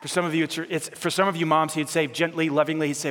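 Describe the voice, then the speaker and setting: A man's voice: on the high side, flat delivery, quick pace. Impassioned male pastor preaching in a reverberant hall. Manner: passionate, swinging from loud urgent to soft and hushed; repeats phrases, direct to the congregation. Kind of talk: sermon.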